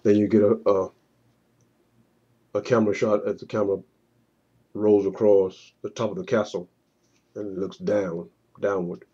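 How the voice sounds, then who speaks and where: Halting deep-voiced man narrating a storyboard. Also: level tone, mellow, highs cut off, slight background noise. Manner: halting, often repeats words. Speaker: writer pitching his screenplay.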